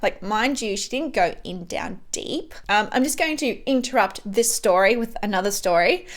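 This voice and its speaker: A woman's voice: medium pitch, expressive, normal speed. A young woman chatting at home while doing her makeup, rambling with fillers and restarts as she gives a life update. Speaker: beauty vlogger. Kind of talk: chatty get-ready-with-me update.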